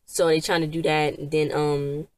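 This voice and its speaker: A woman with a low voice recapping a TV episode casually. She rambles and restarts often, full of fillers. She acts out the characters' lines as she goes. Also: little pitch movement, moderate pace, darkish tone, dry recording. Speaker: TV episode reviewer.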